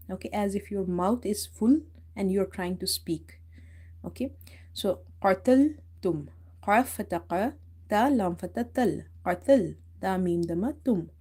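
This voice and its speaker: Woman doing a tajweed lesson live, slow careful letter by letter, soft mellow tone, little english slips. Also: medium pitch. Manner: patient, spells out letters slowly and repeats words. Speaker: Quran recitation teacher.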